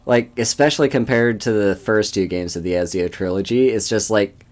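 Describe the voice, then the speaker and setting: A man's voice: lowish voice, normal speed, darkish tone. A man hosting a game stream, chatting casually and laughing often as he plays. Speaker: streamer host. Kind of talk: casual gaming chat.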